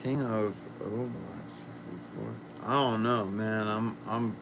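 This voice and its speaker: A man hosting a casual livestream, chatting to viewers and reading their comments while a little sick, talking in a slow, rambling way and trailing off. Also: on the low side, creaky, noisy background. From Philadelphia. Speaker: livestream host.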